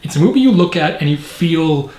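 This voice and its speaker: A man's voice: fairly high pitch, animated, fairly quick, a little mellow, slight background noise. A man reviewing a film in casual commentary, rambling and opinionated with frequent fillers. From Canada. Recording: echoey room.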